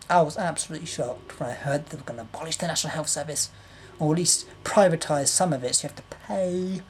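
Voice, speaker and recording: A woman's voice: sits low, fast, slight background noise. A young woman ranting to camera, exasperated and repetitive, with some swearing. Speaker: vlogger. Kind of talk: political rant to camera.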